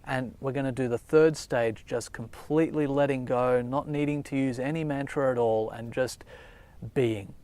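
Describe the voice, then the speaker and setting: Gentle man guiding a meditation. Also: mid-range voice, fairly even intonation, moderate pace, clear, resonant tone. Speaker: meditation teacher. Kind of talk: calm spoken meditation guidance. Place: outdoors.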